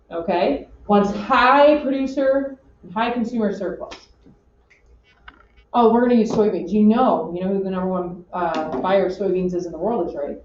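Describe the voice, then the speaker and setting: A woman teaching an economics class in an animated, joking way, acting out her examples. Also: on the high side, slight background noise. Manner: animated, jokey, acts out examples. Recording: roomy, distant, dull classroom audio.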